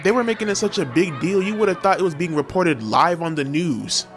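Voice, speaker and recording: A man's voice: fairly high pitch, lively intonation, brisk. A young man in his twenties telling a funny childhood story in a slangy, emphatic way, with music behind him. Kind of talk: storytime vlog. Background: background music.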